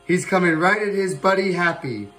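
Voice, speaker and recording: A man hosting a livestream, giving playful live commentary on a virtual airshow, excitable and prone to whoops and chuckles. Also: high voice, normal speed, slight background noise, poor audio. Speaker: livestream host. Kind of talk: playful live commentary on a flight sim show.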